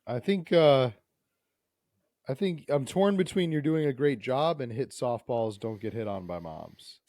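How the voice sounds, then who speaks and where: A male podcast host reads a dating game aloud and chats playfully. His pitch is mid-range and very animated. The recording is dry and close. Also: unhurried, no room sound.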